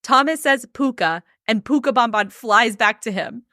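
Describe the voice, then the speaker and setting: A woman's voice: fairly high pitch, normal speed, no echo. Dry-sounding woman retelling a story. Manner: animated retelling with quoted voices and frequent "like". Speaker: podcast host. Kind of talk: casual storytelling chat.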